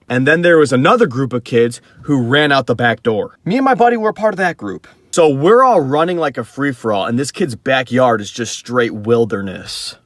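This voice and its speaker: A young man with a very lively, swinging pitch tells a casual storytime and swears as he goes. The sound is dry, with no room echo.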